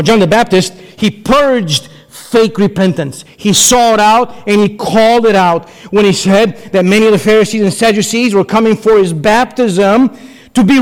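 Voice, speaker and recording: A man preaching a sermon as pastor, emphatic, with dramatic pauses and acted-out quotes. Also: high voice. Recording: long hall reverb.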